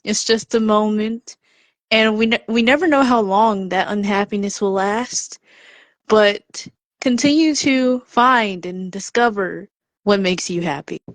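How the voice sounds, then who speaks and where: Medium-pitched and a little slow, with no echo, a woman contributes a personal story to a podcast along with some encouragement. Lively in her telling, she acts out the voices she quotes.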